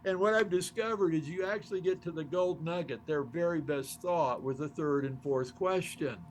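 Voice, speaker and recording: Lively older man telling stories. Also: on the high side, normal speed, slight background noise. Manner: enthusiastic, acts out quoted dialogue, laughs often. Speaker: interview guest. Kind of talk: animated storytelling in conversation.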